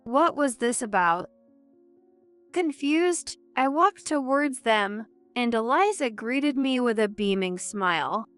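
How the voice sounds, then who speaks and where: Woman reading a family drama story, slow and steady, clear smooth voice, light music underneath. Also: a little high, no room sound. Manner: even, measured storytelling. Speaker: narrator. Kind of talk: first-person story narration.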